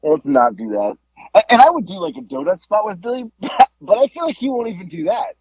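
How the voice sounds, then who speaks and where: A man co-hosting a podcast, telling a wrestling story in a casual, animated way, laughing and swearing as he goes. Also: high voice, a little fast, no echo, muffled recording.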